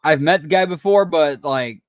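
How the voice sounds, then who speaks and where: A man's voice: a little high, normal speed, no room sound, clean studio sound. A man hosting a casual watch-along stream, chatting and rambling with frequent restarts. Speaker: stream host.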